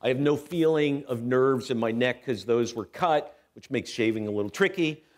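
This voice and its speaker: A middle-aged man giving a talk at a spiritual center as guest speaker, telling a personal story with animated, self-mocking delivery and acting out voices. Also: mid-range voice, normal speed. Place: church hall. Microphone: handheld microphone.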